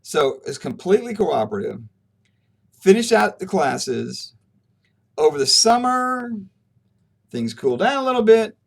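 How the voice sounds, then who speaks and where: Brief: male ethics lecturer, lively storyteller, slightly higher voice. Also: measured pace, creaky, pauses often. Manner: conversational storytelling, acting out quoted exchanges. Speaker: ethics professor. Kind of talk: recorded lecture for students.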